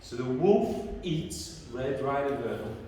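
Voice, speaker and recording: A woman teacher telling a children's story slowly, stopping often to quiz the child. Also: very deep voice, a little hiss or hum. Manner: slow, lively, quizzing the child often. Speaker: English teacher. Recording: echoey room from far off.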